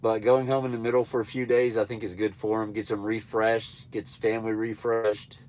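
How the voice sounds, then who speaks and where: A man's voice: on the low side, little pitch movement, normal speed, darkish tone. A man with a nasal, stuffed-up voice chatting casually on a live stream, answering viewers in a laid-back, blunt, rambling way. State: stuffy nose. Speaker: truck driver trainer livestreaming.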